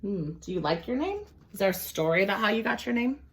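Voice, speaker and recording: A woman teacher reading a picture book aloud to children, expressive and pausing to ask questions. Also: medium pitch, a little hiss or hum. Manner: expressive, explains and asks questions.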